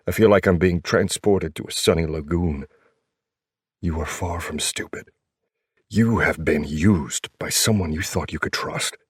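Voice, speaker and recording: A man narrating a first-person romance audiobook in a steady, intimate way. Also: low-pitched, breathy edge, no echo, studio quality.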